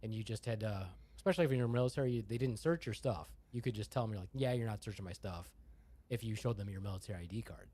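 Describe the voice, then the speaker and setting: A man's voice: on the low side, racing, few pauses. A middle-aged man co-hosting a casual podcast, telling a story and acting out the voices in it. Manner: lively storyteller who acts out quoted voices. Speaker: podcast co-host. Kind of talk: casual chat.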